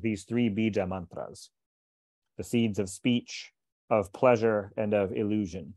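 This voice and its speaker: A man reading a translated scripture aloud in a measured, deliberate way, stopping for short explanatory asides. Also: lowish voice, steady tone, a little mellow, no room sound. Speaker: scripture reader and teacher.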